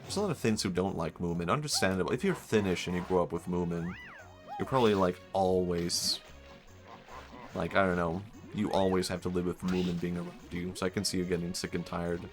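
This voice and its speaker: A man's voice: sits low, fairly quick, faint music behind. A young man from Sweden, rambling and reacting to chat on a casual live stream, amused at his own jokes.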